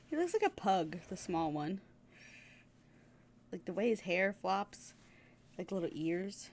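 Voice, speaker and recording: A woman's voice: mid-range voice, very animated, measured pace, pauses often, a little mellow. A woman streaming a game, making casual, blunt asides and laughing.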